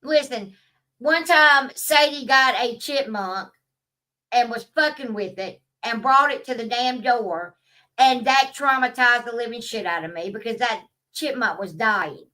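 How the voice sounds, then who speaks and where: A woman's voice: fairly high pitch, measured pace, bright, forceful tone, distant mic. A woman vlogger ranting casually, blunt and heavily profane, rambling from one story to the next. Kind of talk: casual rant to camera.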